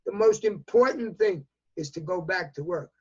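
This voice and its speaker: Older man, 80s, New York accent, repeats himself for emphasis; higher voice, muffled video call sound. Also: normal speed, a little mellow, slightly rough. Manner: emphatic, repetitive, talks in bursts. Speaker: interview guest. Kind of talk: remote news interview. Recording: dull lo-fi video call audio.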